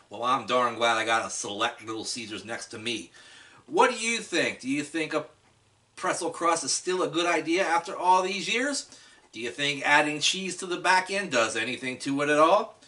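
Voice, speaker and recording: A man's voice: fairly high pitch, pushed and bright, recorded from a distance. A man chatting enthusiastically through a casual food review, talking straight to his viewers.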